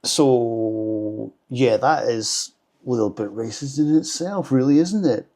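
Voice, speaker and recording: A man's voice: medium pitch, slow, dark tone. Sweary Scottish man reading comments. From Scotland. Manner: sarcastic, blunt and sweary. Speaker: vlogger reading viewer comments. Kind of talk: casual chat.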